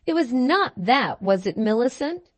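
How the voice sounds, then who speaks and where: A woman reading the part of a drunken, brutish young gentleman who shouts and blusters, in an audiobook. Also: a little high, big pitch swings, unhurried, no room sound. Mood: blustering.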